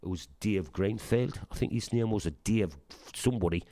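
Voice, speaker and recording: A middle-aged man with a Northeast English Sunderland accent, a punk singer telling lively anecdotes in a casual interview, acting out quoted dialogue and swearing freely. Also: lowish voice, moderate pace, dry recording. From Sunderland, England. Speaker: punk band singer, guest.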